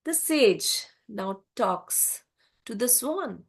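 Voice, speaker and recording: A woman storyteller narrating an animal fable in an expressive, sing-song way. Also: a little high, slow pace.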